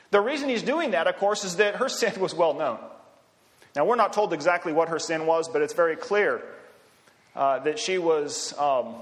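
A man delivers a sermon in a relaxed, conversational manner and breaks off now and then for asides and a soft chuckle. His voice sits a little high for a man. The sound carries a long reverb, as if he is preaching in a large hall.

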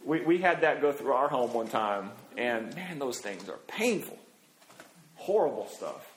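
A man's voice: mid-range voice, sing-song, a little slow, roomy sound, rough recording. A middle-aged male preacher giving a sermon in a folksy, anecdotal way, with many fillers and asides.

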